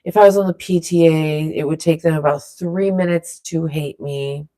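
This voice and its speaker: A woman leading a silly vocal warm-up in a playful, rambling way, drifting into loose improvised rapping. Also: low-pitched, fairly even intonation, normal speed. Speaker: vlogger leading a vocal exercise. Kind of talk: playful casual instruction.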